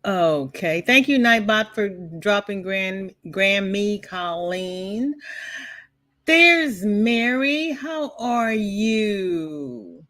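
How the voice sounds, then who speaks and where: A woman's voice: mid-range voice, lively intonation, drawn-out words, a bit bright. A woman hosting a crochet livestream, chatting casually and greeting viewers by name, with folksy exclamations.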